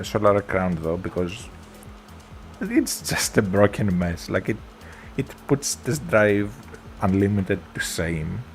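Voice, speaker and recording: A man with a Greek accent, chatting casually with his viewers while streaming a racing game, in a relaxed, rambling way. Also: lowish voice. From Greece. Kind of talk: casual gameplay chat.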